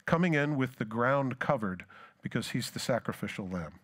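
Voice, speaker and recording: A man's voice: mid-range voice, animated, moderate pace, fairly bright tone. A man preaching a sermon as pastor, earnest, reading scripture aloud with rising force and then talking it through plainly. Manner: earnest, repeats words when restarting.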